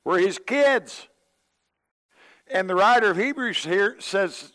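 A man's voice: high voice, lively intonation, slow pace, long pauses, pushed and bright, in a large hall. A man preaching a sermon, folksy and storytelling, acting out the voices he quotes. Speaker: pastor.

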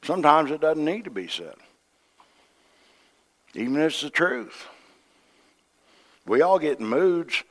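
Middle-aged man, associate minister, sermon, folksy storytelling, acts out voices, hushed to loud swings. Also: a little high, big pitch swings, unhurried, pauses often. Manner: acts out dialogue in quoted voices; folksy humor.

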